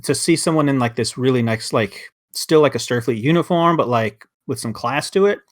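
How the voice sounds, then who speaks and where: A man's voice: mid-range voice, fairly quick. Man, podcast co-host, casual review chat, rambling, heated. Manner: rambling, heated, frequent restarts.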